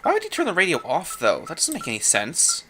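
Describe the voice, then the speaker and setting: A man casually commenting while playing a game, thinking out loud with chatty asides. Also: fairly high pitch, wildly swooping pitch, fairly quick, a little hiss or hum. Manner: chatty, thinking aloud with fillers and laughs. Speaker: let's play host.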